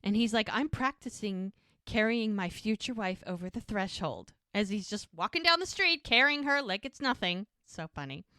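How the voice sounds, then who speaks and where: A woman co-hosting a podcast, retelling a TV episode in an animated, chatty way and quoting the characters. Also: medium pitch, moderate pace, no room sound, clean studio sound. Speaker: podcast co-host. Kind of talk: casual recap of a TV episode.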